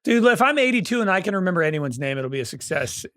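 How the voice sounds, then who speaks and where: A man's voice: high-pitched, big pitch swings, quick pace, fairly bright tone, dry recording, studio quality. A man in his thirties co-hosting a sports podcast, teasing his co-host in a playful way. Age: 30s. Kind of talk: casual sports chat.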